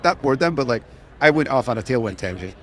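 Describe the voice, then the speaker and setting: A man's voice: mid-range voice, lively intonation, quick pace, slight background noise. A man co-hosting a live podcast at a conference, chatting casually and rambling through restarts and laughs. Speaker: podcast co-host. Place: conference hall floor.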